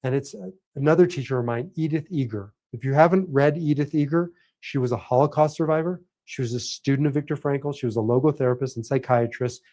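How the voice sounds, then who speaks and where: A man's voice: medium pitch, fast talker, few pauses, mellow. A middle-aged man giving a motivational talk as a coach for men, earnest and preacherly, leaning on emphatic repetition. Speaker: host and life coach for men.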